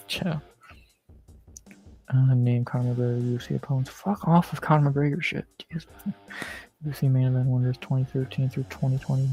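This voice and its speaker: A man's voice: medium pitch, gravelly, warm tone. A man streaming live, muttering and swearing casually as he plays through quizzes, saying he's losing his voice. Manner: mutters and swears at quiz questions.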